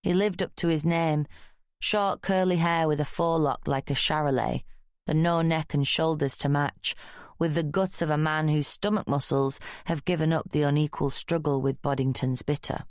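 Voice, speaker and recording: Woman, audiobook narrator, low pitch, wry, measured, dry recording. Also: steady tone, no room sound.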